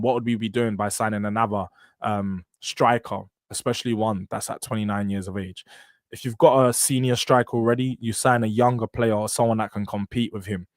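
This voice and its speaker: A man's voice: medium pitch, no echo. A young man hosting a casual football fan vlog, bantering and reacting to viewer comments. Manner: banter-heavy, animated, trash-talking rivals. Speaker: football channel host.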